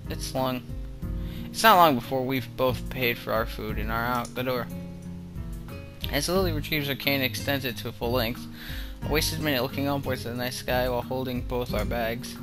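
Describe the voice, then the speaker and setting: A mid-pitched man reads a visual novel aloud as a let's play host, drifting into rambling side comments. Music plays clearly behind him. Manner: rambling asides with fillers.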